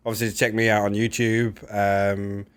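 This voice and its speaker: A young man from England with an English accent talks as a guest on a casual podcast. His voice sits fairly low, and his humor is dry and understated. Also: level tone, moderate pace, a bit bright, smooth.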